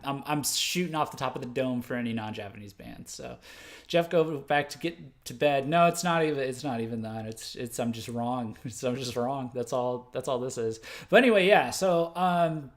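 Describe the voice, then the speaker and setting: A man's voice: medium pitch, moderate pace. A man from the United States hosting a music news livestream, talking off the cuff with lots of fillers, restarts and self-corrections. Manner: laughs at his own mistakes. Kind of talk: unscripted livestream commentary.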